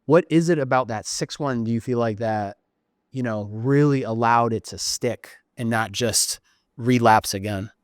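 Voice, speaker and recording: A man's voice: medium pitch, measured pace, no room sound. A male host leads a casual studio interview, encouraging his guest and reflecting back what he heard. His voice sits in a mid range and sounds dry and close to the mic. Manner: warm, encouraging questioner.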